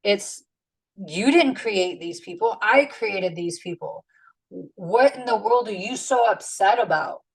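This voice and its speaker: A woman's voice: medium pitch, animated, a little slow, breathy edge, low-quality recording. A woman voicing God as an exasperated, incredulous figure who scolds in casual modern speech, near her own voice. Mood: scolding.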